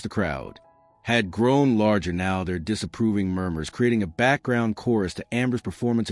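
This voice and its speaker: A man narrating a scripted story in a steady storytelling manner. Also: on the low side, no room sound.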